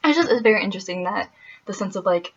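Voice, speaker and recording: A woman's voice: mid-range voice, expressive, quick pace, breathy edge. Young woman, from the Midwest, casual vlog chat, giggly and filler-heavy, slightly dull lo-fi sound. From American Midwest. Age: young adult. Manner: chatty, laughing, full of fillers. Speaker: vlogger.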